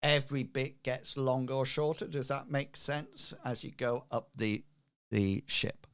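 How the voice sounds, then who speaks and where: A man narrating as game master, slow and hesitant with many pauses. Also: mid-range voice, a bit bright, clean tone.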